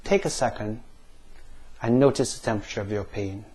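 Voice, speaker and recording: A man leading listeners through a guided pain-visualization exercise, asking slow, calm questions with pauses. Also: on the low side, slightly rough. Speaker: NLP practitioner.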